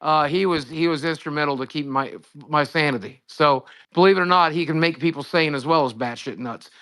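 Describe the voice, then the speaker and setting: Guy calling into a stream, rambling and cussing, high-ish bright voice. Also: brisk, smooth, no room sound, studio quality. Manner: rambling, profane, blunt. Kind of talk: casual livestream chat.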